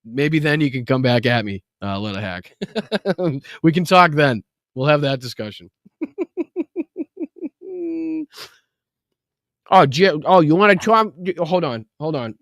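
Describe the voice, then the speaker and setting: A man's voice: on the high side, sing-song, takes it slowly, creaky, pauses often, fairly bright tone, no room sound, clean studio sound. A man hosting a live political show, reading news with sarcastic, profane, rambling asides. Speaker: political livestream host. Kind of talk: casual political commentary.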